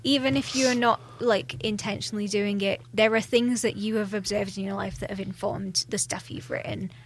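A woman's voice: medium pitch, steady tone, normal speed. A British woman, a radio co-host, giving thoughtful, opinionated views on books. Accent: British English. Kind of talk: casual chat.

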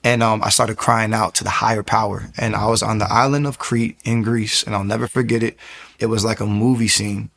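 A young man, a former soldier, giving a personal faith testimony in quick, emphatic bursts with frequent restarts. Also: on the low side, little pitch movement, gravelly, fairly bright tone. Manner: fast, emphatic telling with frequent restarts and sudden raised bursts.

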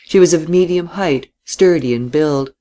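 A narrator reading a classic novel aloud in a steady, measured way. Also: mid-range voice.

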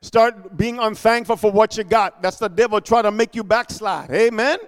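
High-voiced preacher in a reverberant hall. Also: male voice, normal speed, clear, resonant tone. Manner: call-and-response, loud bursts on key words. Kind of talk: sermon.

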